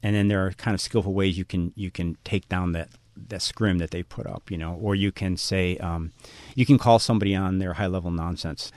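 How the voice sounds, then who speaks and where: A middle-aged man with a low voice talks fast in a radio interview. He muses and runs himself down, restarting his sentences as he thinks. His voice sounds dry and close to the mic. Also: steady tone, darkish tone, no echo. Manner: self-deprecating, musing, many restarts. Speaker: guest author.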